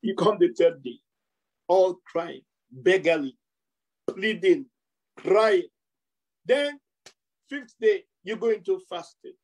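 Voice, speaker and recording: A man preaching a sermon, piling up rhetorical questions and repeated phrases with slow, drawn-out emphasis. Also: sits high, animated, darkish tone, poor audio.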